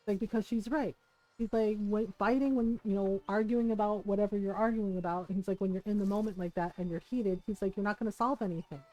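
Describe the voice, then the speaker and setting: Mellow-voiced woman telling a family story. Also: mid-range voice, a little fast, rough recording. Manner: rambling, quotes people in animated voices, frequent laughs. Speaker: streamer. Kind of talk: casual storytelling chat.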